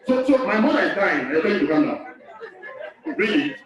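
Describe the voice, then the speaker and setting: Speaking in a high, very animated voice and a little fast, a man from Nigeria delivers a live lecture as course lecturer. He repeats key phrases and asks the audience questions. The sound is echoey, far off and dull.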